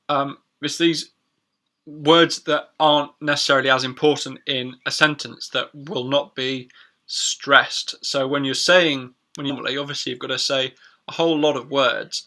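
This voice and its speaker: A man teaching pronunciation in a chatty live stream, repeating words slowly for learners. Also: mid-range voice, bright, forceful tone. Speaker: English teacher.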